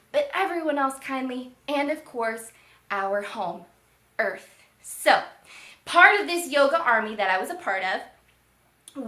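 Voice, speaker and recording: A woman's voice: sits high, pushed and bright. A woman leading a children's yoga lesson, upbeat and encouraging, calling out poses and animal sounds for the kids to copy. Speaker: yoga teacher. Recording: echoey room, from a distance.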